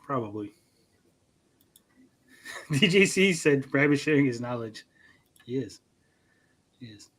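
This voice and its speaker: A man's voice: medium pitch, lively intonation, a little slow, pauses often. A man co-hosting a livestream podcast, talking bluntly and profanely and mocking people with put-on quotes. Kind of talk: profane, blunt casual chat.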